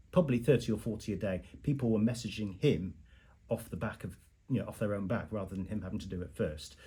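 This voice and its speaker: A man in his forties in casual podcast chat, talking in a measured way with many ums. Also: lowish voice, dark tone, husky. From England. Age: 40s. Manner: measured, with frequent ums and fillers.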